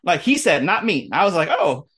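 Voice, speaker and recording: A man in his late thirties, getting over an ear infection, rants casually in a high, slightly rough, somewhat bright voice with big pitch swings and a fairly quick pace. He rambles crudely, mocks himself, and keeps trailing into mock quotes of what people said.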